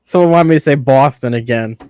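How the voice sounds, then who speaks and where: A man's voice: mid-range voice, a little fast, a little mellow, no echo. A man with a Connecticut accent, chatting casually as a guest and chuckling through his stories. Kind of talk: casual chat.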